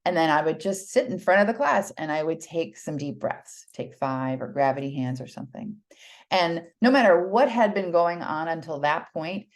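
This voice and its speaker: Middle-aged American woman presenter with a low voice, chatty and earnest, lots of ums and restarts. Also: expressive, normal speed. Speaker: presenter, children's mindfulness teacher. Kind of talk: casual public talk.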